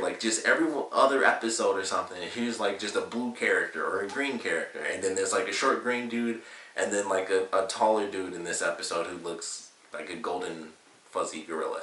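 A low-voiced man with a bright, forceful edge recaps a cartoon episode in a loose, rambling way, leaning on "like" and "you know." He sounds a little away from the mic in a roomy space that gives his voice an audible echo. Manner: rambling, filler-heavy retelling with lots of "like". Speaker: reviewer. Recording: roomy, slightly distant mic.

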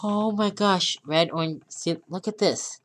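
A woman giving casual commentary over her own gameplay, swinging from quiet hoping to gleeful cheering and calling her viewers dudes. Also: on the low side, measured pace. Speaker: gameplay video creator.

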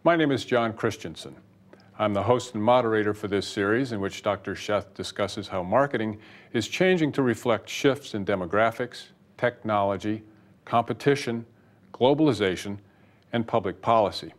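A man with a deep voice hosts and moderates a lecture series. He reads a formal, measured introduction of the speaker in a steady, composed way. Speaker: host and moderator. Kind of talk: scripted introduction.

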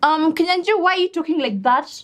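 A woman's voice: very high-pitched, fast talker, noisy background. A woman with a Kenyan accent playing a weary, curious female college student. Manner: weary, sighing complaints. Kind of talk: web series acting.

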